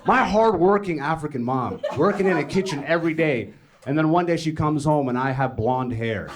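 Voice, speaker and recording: This young comedian's voice runs a little high, expressive and moderately paced. Of Ethiopian background, born in Greece and raised in Canada, he tells profane stories in a club stand-up set, performing others' lines as the crowd laughs in the live recording.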